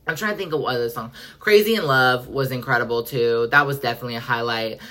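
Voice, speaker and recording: A woman's voice: a bass voice, sharp tone. A woman hosting a podcast in casual pop culture chat, effusive and profane, acting out quotes dramatically. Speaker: podcast host.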